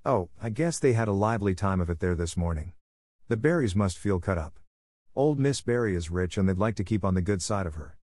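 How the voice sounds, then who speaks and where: A man's voice: deep voice, lively intonation, brisk, a little mellow, dry recording, clean studio sound. A man voicing a stern, gossipy older village woman who lectures in an emphatic, self-satisfied way. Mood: disapproving.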